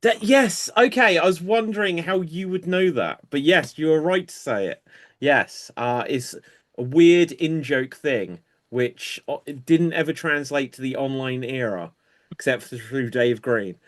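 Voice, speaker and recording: A man's voice: fairly high pitch, animated. A man hosting an online improv show in an easygoing way, calling out games and new styles for the players. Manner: slow, easygoing, calls games.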